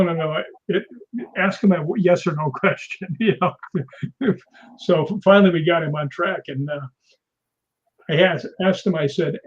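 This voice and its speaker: A man in a casual interview, telling rambling stories with many restarts. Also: fairly high pitch. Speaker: guest, stuntman. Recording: dull lo-fi sound.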